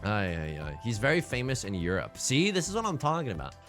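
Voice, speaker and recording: A man giving live mahjong commentary to his chat, theatrical and quick to swing between mock outrage and laughter. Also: fairly low pitch, wildly swooping pitch, a bit bright, soft background music. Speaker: mahjong streamer.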